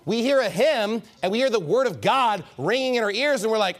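A man preaching a sermon as pastor, in an animated, mocking and emphatic manner. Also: high voice, normal speed, hardly any pauses.

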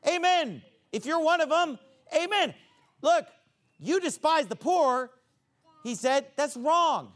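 A man preaching a sermon, reading Bible verses and explaining them in plain everyday talk. He climbs high and loud for emphasis, then drops low to explain. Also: animated, slow.

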